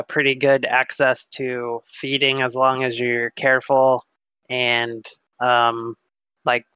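A man's voice: medium pitch, bright, forceful tone, smooth, dry recording, low-quality recording. A man running a tabletop game as game master, talking in a laid-back, casual way with some swearing.

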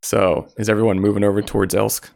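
A man's voice: fairly low pitch, level tone, fast talker, creaky, darkish tone. A man narrating as game master at home, rambling with lots of fillers.

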